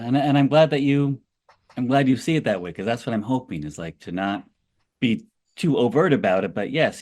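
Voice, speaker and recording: A man's voice: fairly low pitch, a little mellow. A man being interviewed as an author on a podcast, talking thoughtfully and rambling with frequent restarts. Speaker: author guest.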